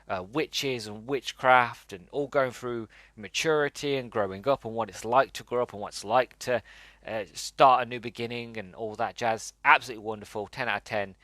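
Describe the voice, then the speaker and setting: A man's voice: mid-range voice, sharp tone, no room sound. A man hosting a podcast, giving a casual and enthusiastic movie review, rambling with many fillers and restarts. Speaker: podcast host.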